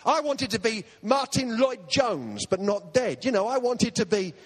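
A man's voice: high-pitched, lively intonation, unhurried. A man preaching a humorous sermon, telling stories with self-mocking comic asides.

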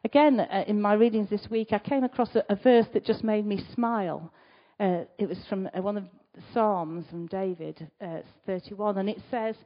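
A woman preaching in a chatty, conversational way, often turning to her listeners with questions. She moves between ringing emphasis and hushed asides, her voice sitting at an ordinary middle pitch. The recording is slightly dull and muffled. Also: moderate pace, hardly any pauses. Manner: swings between loud emphasis and quiet asides. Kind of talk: conversational sermon.

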